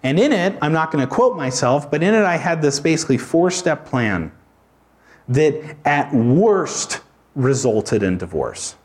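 Lively male pastor preaching. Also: a little high, a little slow. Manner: conversational preaching with informal asides. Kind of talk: expository sermon.

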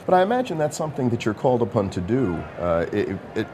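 A man's voice: medium pitch, sing-song, quick pace, background noise. A man hosting an interview, asking questions and agreeing along with the guest. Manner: engaged, lots of backchannel agreement. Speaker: interviewer host.

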